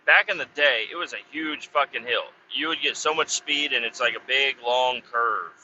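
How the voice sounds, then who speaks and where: A podcast host with a mid-range voice and a sharp tone tells a wandering story at normal speed, casually, swearing a lot and correcting himself along the way. He's outdoors next to a road, with slight background noise, and the recording sounds a bit muffled and dull.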